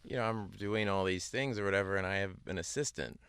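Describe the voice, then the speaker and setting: A man as a podcast guest, chatting in a halting, self-deprecating way with lots of restarts. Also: low voice, a bit bright, slight background noise. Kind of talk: casual chat.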